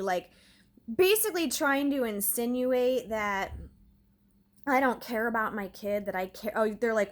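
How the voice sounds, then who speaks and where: A woman's voice: a little high, a little slow. A woman vlogging from her own home, telling a story in an agitated, rambling way, full of "like". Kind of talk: casual storytelling to camera.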